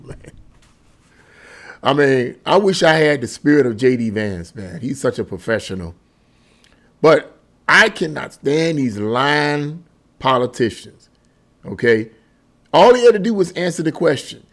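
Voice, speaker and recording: Man, political commentator, indignant, emphatic, mid-pitched voice. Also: sing-song, measured pace, long pauses. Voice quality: emphatic, indignant, repeats himself. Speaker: political commentary channel host.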